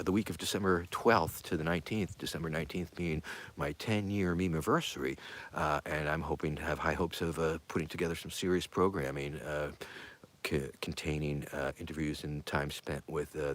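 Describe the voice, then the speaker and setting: A man's voice: a bass voice, steady tone, fairly quick, fairly bright tone. A man hosting a casual live-stream show. He rambles in an offhand way, with lots of fillers, and often drops to a mutter or a whisper. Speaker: show host.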